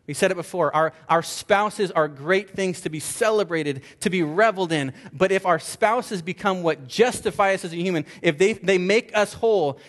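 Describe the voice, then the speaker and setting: A pastor preaching a conversational sermon, emphatic, with repeated words and restarts. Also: male voice, a little high, a bit bright.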